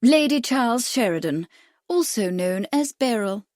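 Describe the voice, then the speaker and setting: A woman's voice: a little high, lively intonation, a little slow, a little mellow, no echo, studio quality. A woman voicing a playful society hostess. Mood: gracious. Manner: playful, gracious. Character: glamorous, teasing society actress hostess.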